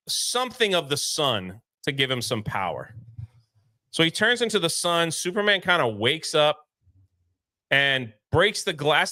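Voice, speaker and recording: Male co-host, bright and animated delivery, recaps story beats and plays out quotes, casual review chat. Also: fairly high pitch, no room sound, studio quality. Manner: animated plot recapping, acting out characters' lines.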